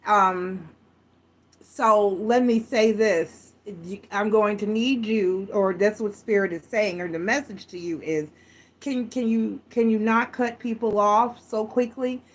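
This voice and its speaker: A woman's voice: mid-range voice, measured pace. A woman giving a casual tarot reading to camera, chatty and rambling, often correcting herself as she goes. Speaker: tarot reader.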